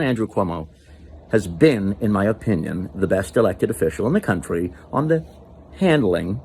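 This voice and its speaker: Lively rambling man doing comic monologue. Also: low-pitched, vocal fry, slight background noise. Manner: rambling, self-interrupting, mock-serious. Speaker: comedian host. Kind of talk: comedic political monologue.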